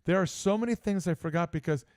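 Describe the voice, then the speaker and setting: A man co-hosting a live sports talk show, telling an animated story with frequent laughter. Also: high-pitched, fast, no room sound, studio quality. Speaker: co-host. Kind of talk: casual chat.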